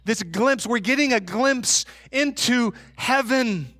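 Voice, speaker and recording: A man preaching a sermon as pastor, emphatic, and slowing down on key words. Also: very high voice, bright, forceful tone, dry recording, studio quality. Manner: emphatic preaching, slows for stress.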